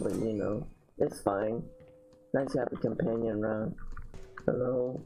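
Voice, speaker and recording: A man's voice: mid-range voice, moderate pace, dull audio. A man giving casual let's-play commentary, chatty and slangy, talking to fellow players. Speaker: gamer.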